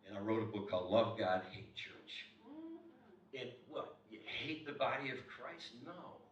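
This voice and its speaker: A man in his sixties, a motivational speaker telling a story to a live audience, acting out the dialogue and swinging from loud to hushed. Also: fairly low pitch, normal speed, slight background noise. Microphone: clip-on mic. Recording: echoey hall, mic from far off.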